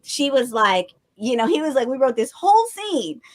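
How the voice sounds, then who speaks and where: Brief: female co-host, high voice, bubbly and enthusiastic in casual banter. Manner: excited, quick to laugh, enthusiastic retelling. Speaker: podcast co-host. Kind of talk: casual chat.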